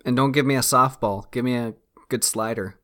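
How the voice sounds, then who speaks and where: A man's voice: mid-range voice, steady tone, fairly quick, bright, forceful tone. A man co-hosting a podcast in casual chat, dropping short dry quips. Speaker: podcast co-host.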